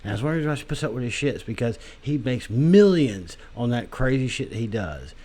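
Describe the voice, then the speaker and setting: A man's voice: mid-range voice, very animated, a little fast, dark tone. A man delivering a rambling, profane solo monologue with crude language, drifting tangents and many fillers. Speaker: podcast host.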